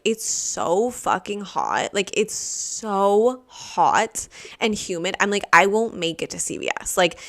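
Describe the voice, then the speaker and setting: Young woman podcast host, slightly low voice, chatty solo storytelling, rambling and expressive. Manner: animated, rambling, heavy "like" fillers, swears, acts out quotes. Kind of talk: casual storytelling monologue.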